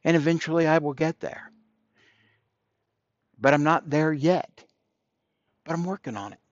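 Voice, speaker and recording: A man's voice: on the high side, measured pace, no room sound, dull audio. A man hosting a podcast, delivering an earnest motivational monologue and repeating phrases for emphasis. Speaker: podcast host.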